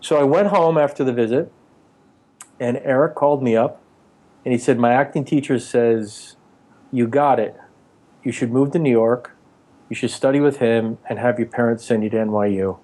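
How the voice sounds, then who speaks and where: A man's voice: medium pitch, normal speed, pauses often, a little mellow. A man in his forties, an actor and author being interviewed, telling rambling anecdotes and acting out what people said. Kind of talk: casual interview storytelling.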